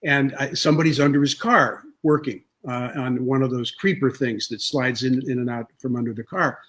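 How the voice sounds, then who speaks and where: A man being interviewed as a guest author, telling stories in an unhurried, thoughtful way with many pauses. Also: mid-range voice, steady tone, a bit bright. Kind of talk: relaxed storytelling in an interview.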